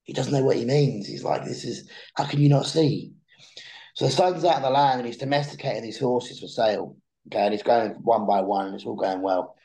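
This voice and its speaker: Young guy, gravelly low voice, mellow dark tone, rambling storyteller. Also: fast talker, few pauses, low-quality recording. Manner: animated storyteller who repeats words when starting sentences. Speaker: podcast guest. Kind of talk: casual conversational storytelling.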